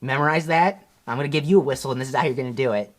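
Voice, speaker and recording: A gruff, strict father snaps orders at a newcomer, as a woman does a quick impression of him. The lines come out fast and sharper in pitch than her usual talk. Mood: barking.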